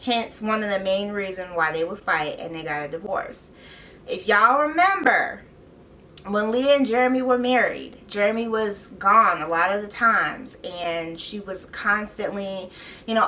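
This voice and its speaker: Bright-voiced woman ranting in a vlog. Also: mid-range voice, a little slow, far from the mic, a little hiss or hum. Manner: animated, exasperated ranting with slang. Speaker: vlogger reviewing a TV show. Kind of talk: casual opinionated recap.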